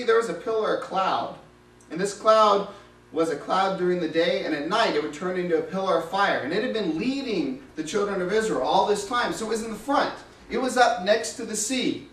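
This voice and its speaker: Male lay preacher, high voice, casual dramatic storytelling, roomy recording from a distance. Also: a bit bright. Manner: conversational, vivid retelling.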